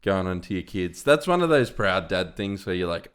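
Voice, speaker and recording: Low-voiced dad, joking and excitable. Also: male voice, moderate pace, clear, resonant tone. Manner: joking, excitable, breaks into loud laughter. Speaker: podcast co-host. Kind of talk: casual chat.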